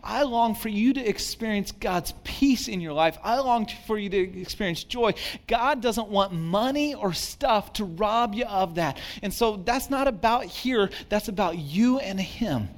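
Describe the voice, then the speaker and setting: A man's voice: high voice, lively intonation, a little slow, few pauses. A man, a pastor, giving a conversational sermon, self-deprecating and acting out the voices of worried people.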